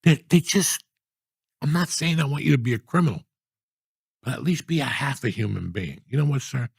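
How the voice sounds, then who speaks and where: A man in his sixties telling profane, animated stories in a casual comedic chat, often ranting in mock outrage. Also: medium pitch, fairly quick, gravelly, slightly rough, dry recording, studio quality. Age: 60s. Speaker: podcast guest storyteller.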